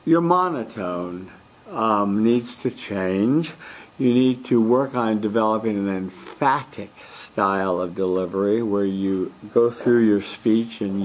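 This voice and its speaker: A man who coaches debate, giving a student measured spoken feedback on a speech in a classroom, with frequent ums. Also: lowish voice, slight background noise.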